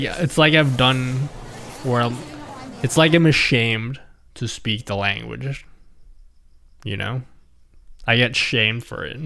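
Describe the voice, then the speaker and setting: A man's voice: mid-range voice, fairly bright tone. A man from the Philippines chatting casually on his stream, rambling, chuckling and answering his chat.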